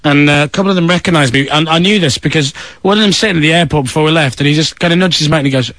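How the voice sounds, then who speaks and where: A man's voice: on the high side, rapid-fire, no echo. A man, a radio presenter, telling a comic story and acting out the other voices. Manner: animated, acts out voices of others.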